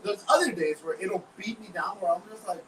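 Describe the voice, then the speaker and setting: A man's voice: high-pitched, a little fast, fairly bright tone. A man in a candid podcast conversation, blunt and swearing freely, acting out his own inner voice. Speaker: guest. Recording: roomy, distant mic with background noise.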